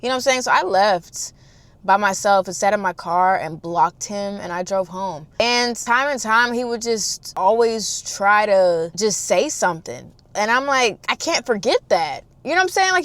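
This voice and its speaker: A woman in her twenties telling a storytime vlog in a dramatic, animated, chatty way, talking straight to her audience. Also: medium pitch, normal speed, no room sound. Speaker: storytime vlogger.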